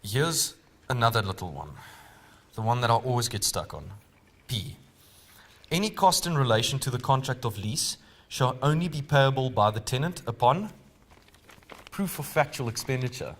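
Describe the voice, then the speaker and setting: A man with a South African accent teaches a live legal training seminar. He keeps an easy, conversational tone at an ordinary mid-range pitch. He often stops to put questions to the audience. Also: lively intonation, moderate pace, long pauses, fairly bright tone, slight background noise.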